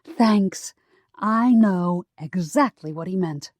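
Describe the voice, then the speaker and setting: Woman reading an eager young woman sleuth; slow, lowish, close dry mic. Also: a little mellow, no echo. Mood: earnest. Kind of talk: audiobook character voice.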